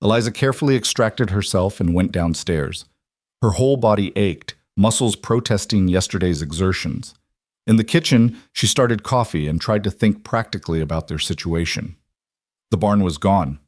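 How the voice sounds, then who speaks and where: A man narrating a western romance story in a calm, even storytelling manner. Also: low-pitched, moderate pace, no room sound, clean studio sound. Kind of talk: scripted audiobook narration.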